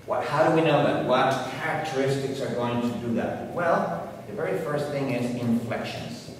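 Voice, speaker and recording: A man's voice: medium pitch, moderate pace, slight background noise. A man giving a university lecture, explaining points emphatically with examples. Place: large lecture hall. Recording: echoey hall recorded from far off.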